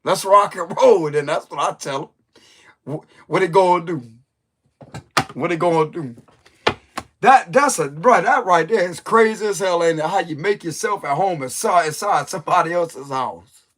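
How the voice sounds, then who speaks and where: A man's voice: a little high, moderate pace, noisy background. A man who reads tarot, telling a story in a loose, joking way full of slang. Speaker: tarot reader. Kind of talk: casual storytelling chat.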